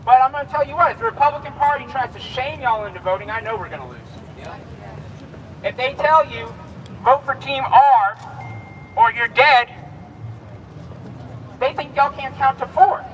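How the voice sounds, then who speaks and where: A high, bright-toned man delivers an emphatic protest speech outdoors, driving home his points through repetition. He is heard from some distance off the mic, with a faint crowd murmur and street noise underneath. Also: lively intonation, fairly quick. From Texas. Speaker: rally speaker.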